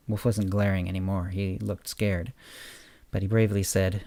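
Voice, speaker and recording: A man hosting a podcast, reading his own short story aloud in a steady narration. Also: low voice, moderate pace, gravelly, no room sound. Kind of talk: audiobook-style story narration.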